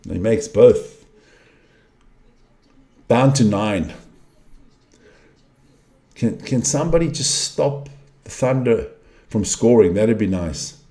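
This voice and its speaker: Frustrated man giving dark-toned game commentary. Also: fairly low pitch, animated, slow, pauses often. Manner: frustrated, swearing, blunt reactions. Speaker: fan commentator. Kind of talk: live watch-along commentary.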